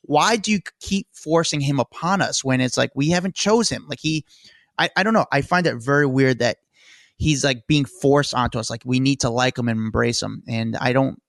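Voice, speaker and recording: A man's voice: medium pitch, moderate pace, creaky, fairly bright tone, no room sound, studio quality. Opinionated male podcast co-host. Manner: opinionated, mocking, rambling with "like". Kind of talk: casual celebrity news chat.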